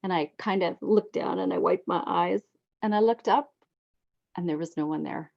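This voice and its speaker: A woman in her sixties telling heartfelt personal stories as a guest, reflective and expressive, on a dull lo-fi recording. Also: moderate pace, gravelly. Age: 60s. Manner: heartfelt, reflective, lively swings in pitch. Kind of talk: personal storytelling.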